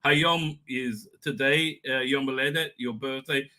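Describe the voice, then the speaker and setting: A middle-aged man hosting a live stream, tipsy and rambling with many halting restarts. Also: mid-range voice, fairly even intonation, sharp tone, slight background noise.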